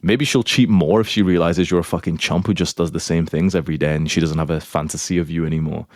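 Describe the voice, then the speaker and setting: A man's voice: sits low, steady tone, fast, darkish tone, no room sound, clean studio sound. A man giving casual dating advice in a blunt, crude, profane lecturing manner, answering questions. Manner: lecturing, instructive.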